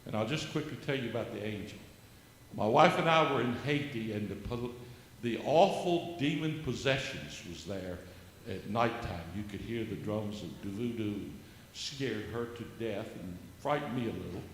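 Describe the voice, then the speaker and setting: A man's voice: on the low side, lively intonation, moderate pace. Older man testifying in echoey church. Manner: earnest storyteller, rising into fervent preaching. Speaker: church member giving testimony. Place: church sanctuary. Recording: echoey church hall with faint background noise.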